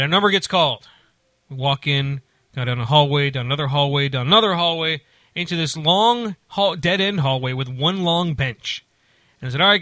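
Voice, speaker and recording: A man with a bright, forceful voice tells a casual story in a dry, close-sounding room. He rambles and restarts, slipping into quick voices for the people he quotes. His pitch sits a little high for a man. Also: dry recording. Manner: rambling, animated, many restarts and acted-out quotes.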